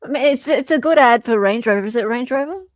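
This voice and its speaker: A woman's voice: a little high, quick pace, dry recording, studio quality. A woman hosting a podcast, chatting bluntly and mockingly about the news. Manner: blunt, mocking, laughs often. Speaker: podcast host. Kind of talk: casual commentary chat.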